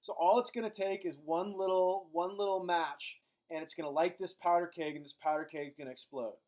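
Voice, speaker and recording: A man's voice: high voice, steady tone, darkish tone. A middle-aged man giving a recorded history lecture in a casual, joking way. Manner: casual, acts out countries in quick silly voices. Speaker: history teacher.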